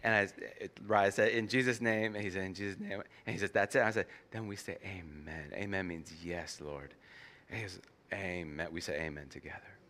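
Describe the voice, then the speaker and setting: A man preaching as pastor, telling a story animatedly and acting out the dialogue, pausing for an interpreter. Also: sits low, fairly bright tone, slight background noise. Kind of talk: sermon with live interpretation.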